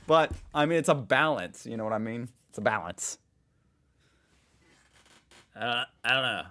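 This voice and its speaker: A man's voice: medium pitch, expressive, a little slow, long pauses, sharp tone. A middle-aged American man in the United States, hosting a reaction video and musing aloud in a casual, amused way. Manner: musing, amused, thinks aloud with frequent fillers.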